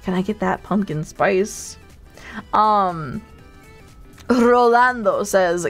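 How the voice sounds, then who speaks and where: A woman's voice: mid-range voice, expressive, a little slow, faint music behind. A woman hosting a playful cafe role-play stream, giggling often and talking sweetly to her viewers. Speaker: streamer host.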